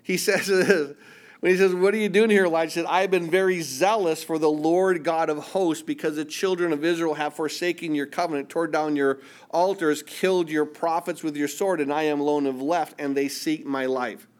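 A man preaching a sermon, reading scripture aloud and acting out the voices, asking the congregation if they understand, and dropping almost to a hush for the quiet passages. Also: fairly high pitch, steady tone, moderate pace. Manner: dramatic, drops to near-whisper for quiet passages; acts out biblical voices, asks listeners "do you understand?".

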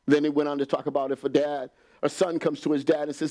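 Lively, laughing male preacher. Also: on the high side, fast, hardly any pauses. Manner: animated, laughing, acts out quotes, drops to whispers. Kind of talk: sermon.

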